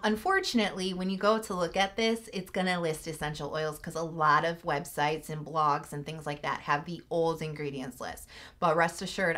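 Her voice is fairly low in pitch yet fairly bright in tone. A woman vlogger enthusiastically chats her way through a casual sunscreen review to camera, laughing frequently and saying "like" and "you know" a lot.

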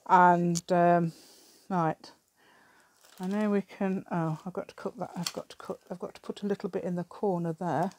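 Middle-aged english woman rambling away at her craft table, bit low voice, laughs a lot, thinks out loud. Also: fairly even intonation, normal speed, slight background noise. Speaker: craft vlogger. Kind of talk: casual chat while crafting. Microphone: camera on the table.

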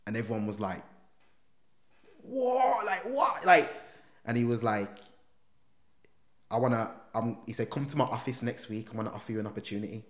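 A man's voice: lowish voice, quick pace, echoey room. A man, a guest in a casual interview, telling his story with street slang and acting out the dialogue. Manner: animated storyteller who acts out quoted dialogue, street slang. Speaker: guest, former gang member turned motivational speaker.

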